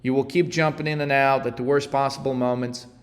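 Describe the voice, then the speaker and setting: A man's voice: mid-range voice, steady tone, brisk. Profane, ranting man in an echoey room. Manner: profane, blunt, heated. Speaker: trading coach. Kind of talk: ranting monologue.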